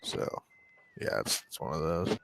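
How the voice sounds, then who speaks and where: A man streaming a western role-play game, chatting casually in character with a relaxed, chuckling manner. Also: measured pace, slight background noise.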